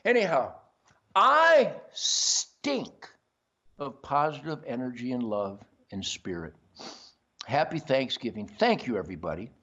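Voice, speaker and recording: A man's voice: mid-range voice, very animated, moderate pace, muffled recording. Brash, boisterous older man rambling. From Detroit area. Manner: boisterous, brash, self-promoting. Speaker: host. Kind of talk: rambling monologue. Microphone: earpiece.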